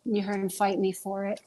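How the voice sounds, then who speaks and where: A woman hosting a casual livestream from home, chatting to viewers about movies with a rambling manner and many ums. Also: medium pitch. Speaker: livestream host. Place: at home with pets.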